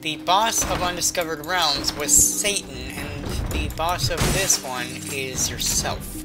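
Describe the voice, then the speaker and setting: A gamer narrates a let's-play, swearing and talking sarcastically to themself while game music plays. The voice is mid-range and measured in pace.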